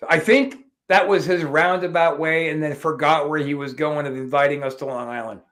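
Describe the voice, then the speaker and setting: A man hosting a podcast, telling stories in a brash, profane, animated way. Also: on the high side, moderate pace. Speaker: podcast host. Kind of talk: casual podcast storytelling.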